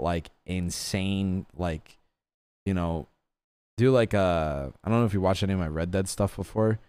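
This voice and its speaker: Young man, very deep voice, smooth and clear, dry close sound, rambling casual chat. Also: darkish tone, no room sound. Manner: rambling, filler-heavy, swears casually. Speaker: guest streamer. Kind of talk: casual chat about roleplay gaming.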